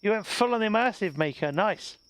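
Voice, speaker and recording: A man's voice: high voice, expressive, a little fast, fairly bright tone, clean tone. A man live-streaming a game, chatting and answering viewers as he plays. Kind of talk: live gameplay commentary.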